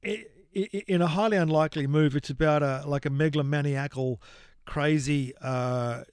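A man's voice: fairly high pitch, normal speed, clean tone, no echo, clean studio sound. A man, co-hosting a podcast in a rambling, self-deprecating casual chat. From Australia. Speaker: podcast co-host.

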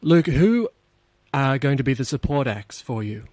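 A man, a radio host interviewing a guest in a friendly, slightly halting way. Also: medium pitch, big pitch swings, darkish tone, no room sound. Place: radio studio.

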